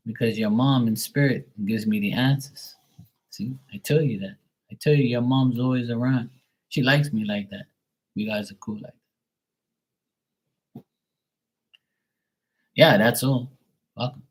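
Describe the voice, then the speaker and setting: A man reading tarot on a live stream, chatting bluntly to a viewer, swearing freely and getting animated when worked up. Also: on the low side, normal speed, pauses often, low-quality recording. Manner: blunt, swears often, talks straight to a viewer. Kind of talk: casual live-stream chat.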